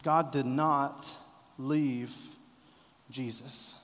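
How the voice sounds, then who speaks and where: A man preaching a sermon as pastor, impassioned, rising to loud cries when he voices a quoted prayer. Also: medium pitch, steady tone, very slow, big-room sound.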